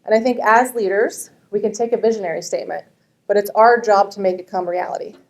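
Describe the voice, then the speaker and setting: A woman's voice: medium pitch, steady tone, fast. A middle-aged woman executive giving a keynote talk to an audience, conversational, with many restarts and tag questions. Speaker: executive speaker.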